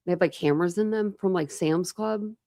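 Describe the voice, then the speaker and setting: A woman's voice: fairly low pitch, fairly quick, mellow, dry recording, clean studio sound. A woman hosting a true crime channel, chatting casually and rambling to her live chat.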